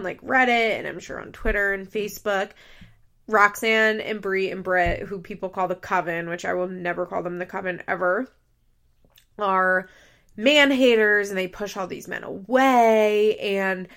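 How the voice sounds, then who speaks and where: A woman's voice: medium pitch, fairly bright tone. A young woman podcast host recapping a reality TV episode in a casual, chatty way. She fills her talk with "like" and laughs as she goes. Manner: chatty, heavy use of "like", laughs as she talks.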